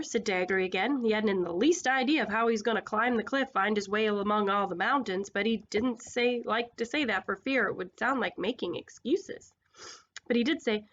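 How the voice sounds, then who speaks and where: A woman's voice: medium pitch, normal speed, fairly bright tone, highs cut off. A woman casually reading a children's story aloud, stumbling over words and making side remarks. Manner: informal, with slips, restarts and asides. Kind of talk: casual read-aloud narration.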